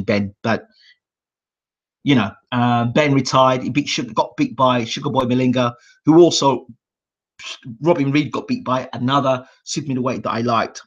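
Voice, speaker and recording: A British man hosting a boxing channel, telling stories in a rambling, animated way with fillers and acted-out quotes. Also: medium pitch. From United Kingdom. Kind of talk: animated storytelling monologue. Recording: dull lo-fi sound.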